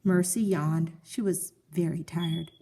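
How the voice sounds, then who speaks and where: A woman calmly narrating a children's story, reading it aloud. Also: on the low side, slow pace.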